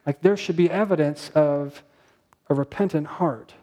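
A male pastor preaching a sermon in a conversational way, asking the congregation rhetorical questions and slowing down to stress key words. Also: fairly high pitch, mellow.

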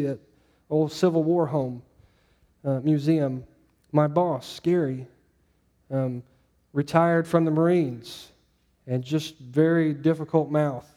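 A man delivering a sermon in a chatty, down-to-earth way. His voice sits fairly high but sounds mellow and warm. He keeps checking in with the listeners. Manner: chatty, asks the audience, acts out quotes. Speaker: preacher. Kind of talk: conversational sermon.

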